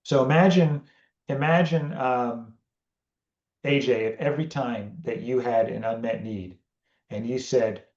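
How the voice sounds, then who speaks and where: A man's voice: medium pitch, a little slow, roomy sound, muffled recording. A man hosting a podcast, explaining a family communication tool in a casual teaching talk and acting out conversations with his daughter. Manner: animated, acts out family conversations. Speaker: podcast host.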